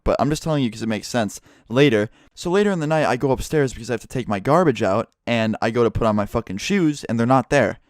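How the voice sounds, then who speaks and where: A young man talks straight to his viewers in a loose, profane storytime vlog. His voice sits in an ordinary middle pitch, and the sound is dry and close with no room echo. He swears constantly and acts out what others said. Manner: profane, animated storytelling with acted quotes. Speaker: YouTuber.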